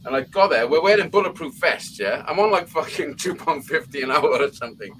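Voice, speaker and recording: A man's voice: a little high, expressive, brisk, fairly bright tone, a little hiss or hum, low-quality recording. A man telling long, rambling anecdotes in casual chat, swearing constantly. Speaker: live show chat participant. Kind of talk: casual profane storytelling.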